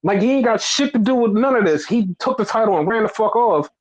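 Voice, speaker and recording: A man's voice: high-pitched, animated, fast, low-quality recording. A man co-hosting a wrestling podcast, ranting with heavy swearing and exasperation, mocking fans in quoted voices. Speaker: podcast co-host.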